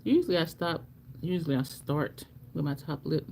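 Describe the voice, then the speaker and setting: A woman talks her way through a makeup livestream in a relaxed, rambling chat. Her voice sits a little low, and she often laughs at her own stories. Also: normal speed, gravelly, slight background noise. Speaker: livestream beauty host. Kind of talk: casual livestream chat while doing makeup.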